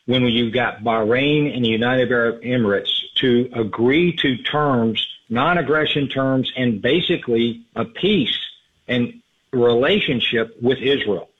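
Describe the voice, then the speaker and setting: An older man, a retired officer, explaining events as a guest in a radio interview, measured and explanatory with some restarts. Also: mid-range voice. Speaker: guest analyst by phone. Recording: phone line.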